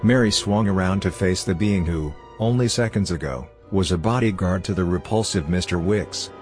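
A man narrating a story in a steady, measured scripted reading. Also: low-pitched, faint music behind. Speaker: audiobook narrator.

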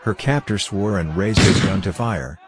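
A man narrating a story in a steady, measured scripted reading. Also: low voice, very noisy. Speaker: audiobook narrator.

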